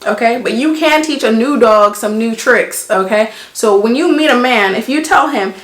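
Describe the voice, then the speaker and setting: A woman's voice: fairly high pitch, normal speed, hardly any pauses, echoey room. A woman vlogger giving relationship advice in casual, blunt, emphatic talk, driving her points home with examples. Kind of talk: casual chat to camera.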